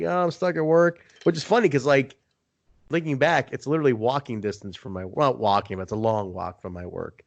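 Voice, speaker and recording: In a muffled recording with no room sound, a man hosting a podcast spins an animated story, swearing for emphasis and performing the voices of the people he quotes. His mid-range voice is creaky and fairly quick.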